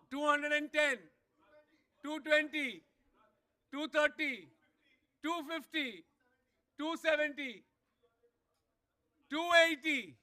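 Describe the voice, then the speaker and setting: A man working as auctioneer at a live player auction, calling out bids again and again and pushing the room for more. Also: very high-pitched. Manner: rapid repetitive bid calling, rising to shouts. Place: event hall.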